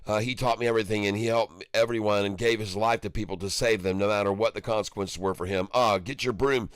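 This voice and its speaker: A man's voice: lowish voice, little pitch movement, fast, clear, resonant tone, no echo. Jovial male livestream host, dry close sound, easy banter reading viewer comments. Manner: jovial, laughs often, upbeat banter with viewers. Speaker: stock market livestream host.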